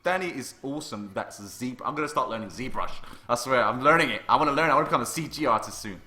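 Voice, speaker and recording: A man hosting a casual art livestream from his desk mic. He is chatty and excitable, reading out viewer comments as they come in. His voice is bright and forceful, at an average pitch. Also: fast talker, reverberant. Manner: chatty, excitable, reads chat aloud. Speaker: livestream host and artist.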